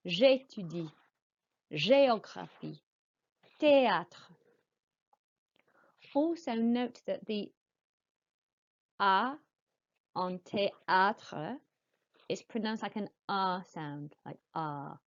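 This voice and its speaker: A woman teaching French to young pupils, modelling each word slowly and clearly and explaining in patient, encouraging teacher talk. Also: medium pitch, lo-fi sound. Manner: slow, clear modelling of words for pupils to repeat. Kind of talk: recorded classroom lesson.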